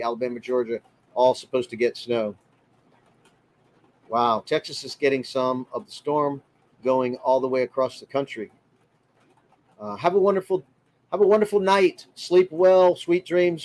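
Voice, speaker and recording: A man hosting a casual livestream from his RV, chatting and greeting viewers by name in a friendly way. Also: mid-range voice. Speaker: livestream host. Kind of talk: casual livestream chat reading comments.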